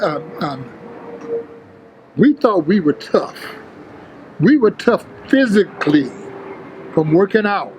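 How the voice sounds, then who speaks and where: An older man, an interview guest, telling prison and gym stories in a streetwise, profane, animated way, acting out the others' lines. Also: a little high, slight background noise, low-quality recording. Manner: streetwise, profane, animated retelling with quoted voices. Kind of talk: casual storytelling.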